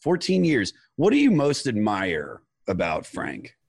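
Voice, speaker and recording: A man hosting a podcast interview, with a lively, rising and falling voice. He speaks in brief questions and short reactions. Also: fairly low pitch, a little slow, vocal fry, slightly rough. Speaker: podcast host.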